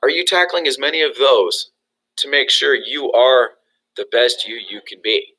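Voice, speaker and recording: A young man giving an energetic motivational training talk to real estate agents, with many fillers and restarts. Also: medium pitch, normal speed, poor audio.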